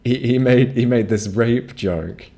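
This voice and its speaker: A man streams a game from a home mic, his mid-range voice mellow and a little slow. He rambles casually through the playthrough, swearing plenty and often restarting his sentences.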